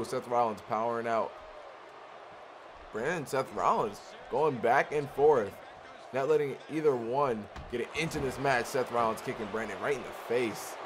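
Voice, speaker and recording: A man calls a wrestling video game match play-by-play at middle pitch, excitable and quick to shout when a big move lands. A clear layer of noise runs under the home recording.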